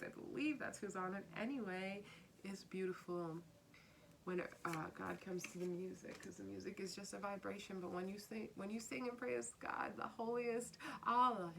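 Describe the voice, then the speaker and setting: A woman's voice: mid-range voice, fairly bright tone, a little hiss or hum. A woman giving a casual spiritual tarot reading, earnest and repeating her phrases, sometimes dropping to a whisper. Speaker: tarot reader.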